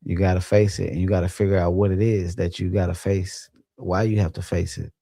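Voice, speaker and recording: Low gravelly laid-back man. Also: little pitch movement, fairly quick, warm tone, no echo, studio quality. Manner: laid-back, rambling, laughs often. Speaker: livestream host. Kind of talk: casual livestream chat, reading comments.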